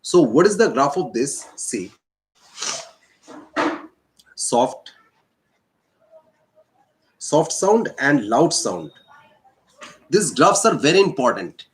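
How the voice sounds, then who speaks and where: A male teacher with an Indian English accent, slowly explaining a physics lesson and repeating key points. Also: medium pitch, very animated, a little hiss or hum. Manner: slow, repetitive explaining. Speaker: science teacher.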